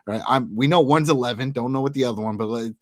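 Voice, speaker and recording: A man co-hosting a casual TV recap, speaking in a relaxed, conversational way as he speculates about the episode. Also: medium pitch, fast talker, dry recording, clean studio sound. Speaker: podcast co-host.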